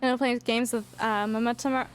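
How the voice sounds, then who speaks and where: Young woman streamer, high voice, laughing her way through a story to chat. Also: quick pace, a little hiss or hum. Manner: animated storytelling, frequent laughter, rising squeals. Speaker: livestreamer. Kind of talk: casual live stream chat.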